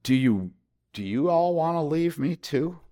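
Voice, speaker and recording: A man's voice: on the high side, lively intonation, unhurried, dark tone. An older man preaching a sermon as pastor at a church service, impassioned, repeating his questions with rising emphasis.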